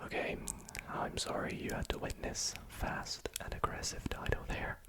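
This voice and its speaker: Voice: moderate pace, rough recording. An ASMR creator whispering casually into a close studio microphone, rambling with frequent restarts. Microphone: close studio microphone, sometimes with pop filter.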